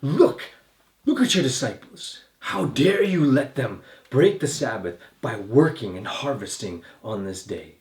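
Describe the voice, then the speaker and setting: A man voicing a group of indignant older male religious critics shouting accusations. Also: on the low side, a little slow, few pauses, roomy sound, recorded from a distance.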